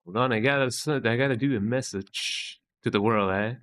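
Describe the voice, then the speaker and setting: A man's voice: medium pitch, normal speed, a bit bright. A man casually commenting on his game live, playful and ending lines with "eh?". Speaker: game streamer. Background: game music.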